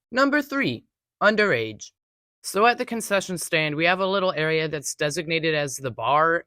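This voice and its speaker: A young adult theater worker narrating casual workplace stories in an animated, wry way. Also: medium pitch, no room sound.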